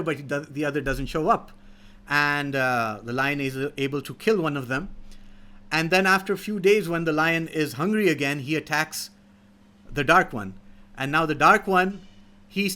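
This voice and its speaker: A man giving a moral talk to young people, telling stories with many fillers and restarts. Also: fairly high pitch. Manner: halting, many fillers, animated storyteller. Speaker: speaker in a youth teaching series.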